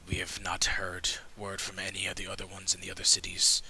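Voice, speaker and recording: A game master voicing a grave, secretive man from a dwindling hunters' order in a hushed, half-whispered tone. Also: low voice, monotone, fairly quick, creaky, a little hiss or hum, voice pushed down, exaggerated voice, low-quality recording.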